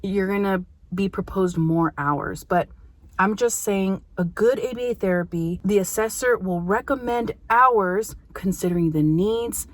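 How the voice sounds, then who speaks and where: An earnest woman in her thirties speaks directly to parents as a behavior analyst. Her voice sits at an ordinary middle pitch, and her talk is casual and heartfelt, broken by emphatic pauses.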